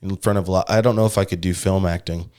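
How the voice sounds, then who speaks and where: A man's voice: low voice, steady tone, quick pace, darkish tone, clear, resonant tone. A young man, a stand-up comic, chatting casually on a podcast, rambling and swearing, sometimes putting on voices. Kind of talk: casual chat.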